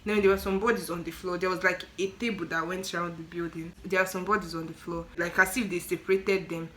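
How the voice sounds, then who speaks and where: A nineteen-year-old woman with a Nigerian accent, telling a story in an animated, exclaiming vlog style. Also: lowish voice, fast talker, a little hiss or hum, low-quality recording. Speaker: student nurse vlogger.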